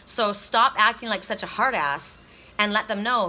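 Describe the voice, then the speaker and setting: A woman's voice: medium pitch, normal speed, sharp tone. A woman doing a casual weekly oracle card reading, talking bluntly, swearing freely and checking in with "right?".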